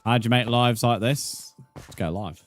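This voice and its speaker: A man's voice: mid-range voice, unhurried, faint music behind. A young British man chatting casually with viewers on a live gaming stream, bantering and calling people mate. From Britain. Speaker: livestream gamer.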